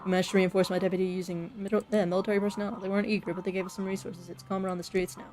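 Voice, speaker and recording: A woman's voice: medium pitch, level tone, rapid-fire, darkish tone, soft background music, natural voice. A woman reading the lines of a stern sheriff giving orders over the radio, firm and clipped. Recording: faint background noise.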